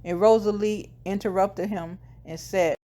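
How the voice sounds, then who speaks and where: A woman with a voice of ordinary middle pitch recaps a TV episode in a loose, chatty way. She walks through scene after scene, passing on the characters' lines in her own plain voice. Now and then she drops a filler or corrects herself as she goes. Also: steady tone, a little slow, dark tone. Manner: retells scenes step by step, quoting dialogue in plain voice; occasional fillers and self-corrections. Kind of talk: casual plot recap.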